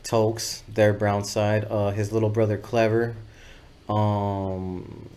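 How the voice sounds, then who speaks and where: A man telling stories as a podcast guest, laid-back and rambling, swearing freely and filling pauses with "uh" and "you know what I'm saying". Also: lowish voice, flat delivery, a little mellow, a little hiss or hum. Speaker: music video director, podcast guest. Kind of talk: casual storytelling interview.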